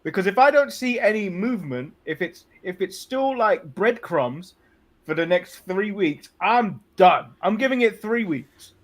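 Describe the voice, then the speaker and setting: An English man co-hosts a relaxed podcast, speaking bluntly with a joking edge and frequent restarts. His voice is high and swings widely in pitch. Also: a little slow. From England. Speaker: podcast co-host. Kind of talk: casual wrestling recap chat.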